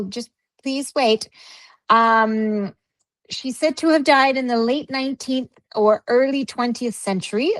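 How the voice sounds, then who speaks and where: A woman's voice: fairly high pitch, dry recording, rough recording. A Canadian woman co-hosting a podcast, reading a ghost story aloud and breaking off to scold her pets. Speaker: podcast co-host. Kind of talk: casual podcast chat and read ghost story.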